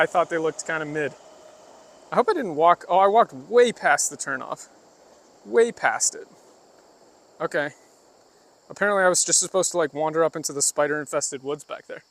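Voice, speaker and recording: A high-sitting, slightly bright male voice comes through with a little hiss or hum in the background. The man is live-streaming casually during a rural walk outdoors, chatting loosely to viewers with plenty of fillers and asides while explaining things.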